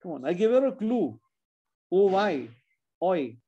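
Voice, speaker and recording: A man's voice: high-pitched, sing-song, moderate pace, dark tone, slightly rough, lo-fi sound. A man teaching children spelling in an online class, patiently sounding out words letter by letter.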